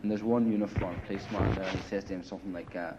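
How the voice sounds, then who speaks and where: Speaking rapid-fire in a low, steady register, an older man from Ireland describes his time as a paramilitary. The tale comes out casual and blunt, full of swearing and "you know." It's a slightly muffled recording with a noisy background.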